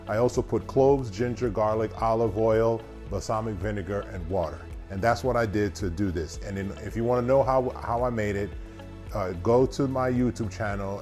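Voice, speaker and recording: A man chats his way through a recipe as a cooking-show host, often restarting and filling pauses. His voice sits a little low. Soft music plays faintly behind him. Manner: chatty, rambling, with fillers and restarts. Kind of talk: casual cooking tutorial.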